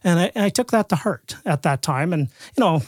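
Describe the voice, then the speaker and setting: A middle-aged Canadian man tells a long story as a podcast guest, with a somewhat high voice. He talks in a loose, chatty way, repeating words and starting over. The sound is dry and close. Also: expressive, fairly quick, no echo. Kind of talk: storytelling in a casual interview.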